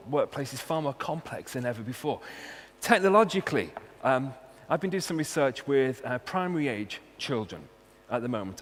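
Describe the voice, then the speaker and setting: A man with a Welsh accent, a university researcher giving a humorous talk and hitting key words with punchy emphasis. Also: mid-range voice. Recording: long hall reverb, faint hum.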